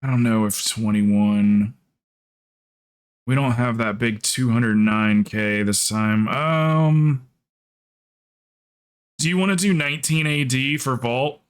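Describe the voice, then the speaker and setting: A man streaming live, talking to his viewers and group in a relaxed, casual way. He grew up in the American South, thinks out loud with a lot of ums, and his voice comes through smooth and clear at an ordinary middle pitch. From Southern United States. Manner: thinking aloud, chatty, halting with fillers. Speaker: livestreamer planning game runs. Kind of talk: casual livestream chat.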